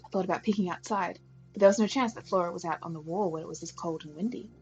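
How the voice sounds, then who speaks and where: A woman streamer reading a visual novel's first-person narration aloud at a steady pace, with small stumbles. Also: fairly low pitch, quick pace, dull audio, faint music behind.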